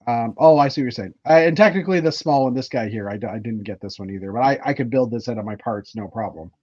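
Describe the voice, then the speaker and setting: A man from Canada hosts a casual stream chat, talking in loose, rambling runs with plenty of fillers and restarts. His voice sits at a middling pitch. The sound is dry and close, slightly dull like lo-fi stream audio. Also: fast talker, darkish tone, no room sound. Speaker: livestream host.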